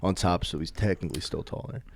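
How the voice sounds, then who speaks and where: A young man co-hosting a casual sports podcast, deadpan and skeptical as he recounts sports history. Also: deep voice, fast talker, gravelly. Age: young adult. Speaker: podcast co-host.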